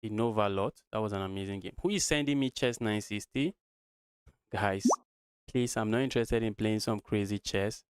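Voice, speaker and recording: A man's voice: lowish voice, normal speed, smooth, no room sound. Man from Nigeria muttering chess lines. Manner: thinks aloud, muttering lines of play, often addresses viewers as guys. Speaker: chess streamer. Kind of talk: live-streamed chess commentary.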